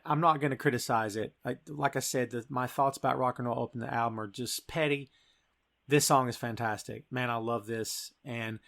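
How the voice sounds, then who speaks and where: A man's voice: medium pitch, vocal fry, a bit bright. A man hosting a podcast in casual chat, talking with gushing enthusiasm. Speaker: podcast host.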